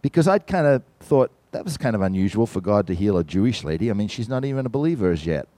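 A man giving a sermon testimony, telling a story with lively, animated delivery and speaking directly to the congregation. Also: on the low side, fast talker, dry recording. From from outside the United States. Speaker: visiting church musician and speaker.

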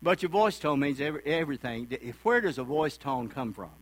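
A folksy male preacher delivering a sermon in a fairly high voice. He talks conversationally and slips into the voices of the people he quotes. The sound is dry and close, with a faint mains hum underneath. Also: animated, fairly quick, no room sound, rough recording.

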